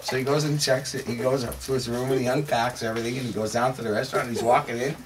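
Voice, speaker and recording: A man telling a long joke in an animated way, building toward the punchline. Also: medium pitch, fast talker. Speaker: joke teller. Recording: distant mic with ambient noise.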